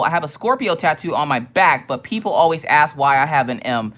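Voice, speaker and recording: A woman chatting casually on her live stream, telling stories in an animated, profane way and laughing often. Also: sits low, fairly quick, few pauses.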